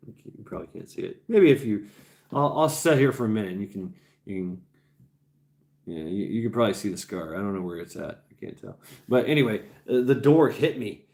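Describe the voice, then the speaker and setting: A man's voice: lowish voice, lively intonation, fairly quick, vocal fry, darkish tone. Rambling profane man in his forties. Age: 40s. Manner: rambling, profane, laughs often, repeats himself. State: tired after hours on stream. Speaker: livestream host. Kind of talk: casual livestream chat.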